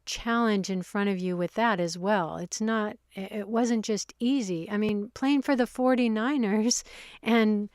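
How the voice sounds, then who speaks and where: Measured woman interviewer, dry sound. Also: mid-range voice, a little mellow, dry recording. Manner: measured, thoughtful questions with small restarts. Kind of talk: interview questions.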